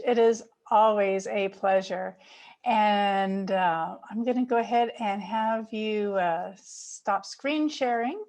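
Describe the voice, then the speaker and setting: A woman's voice: mid-range voice, takes it slowly, darkish tone. A woman hosting a webinar Q&A over a video call, laughing easily and a little flustered. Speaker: host. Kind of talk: moderating a webinar Q&A.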